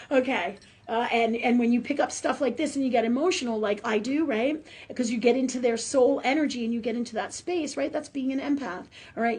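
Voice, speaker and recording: In her live forum of spiritual talk and prayer, a woman medium keeps tacking "right?" onto her sentences. Her voice leans high, husky and darkish, and she talks a little fast.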